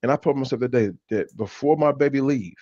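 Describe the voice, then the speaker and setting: Medium-pitched with a dark tone, the church leader and co-host talks fairly quickly, sharing personal stories earnestly and often starting sentences over. The lo-fi recording sounds dull and dry, with no room sound.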